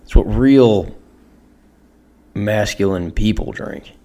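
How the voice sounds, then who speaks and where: A man voicing a mock beer commercial announcer, delivering a deadpan, mock-serious sales pitch. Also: slow pace. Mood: mock-macho. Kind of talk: parody radio ad.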